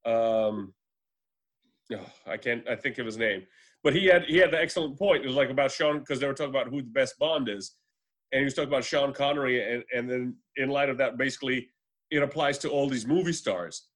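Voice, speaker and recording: A man in casual conversation about films, rambling and swearing freely, slipping into quick voices to retell scenes. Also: mid-range voice, fairly bright tone. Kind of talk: casual movie chat.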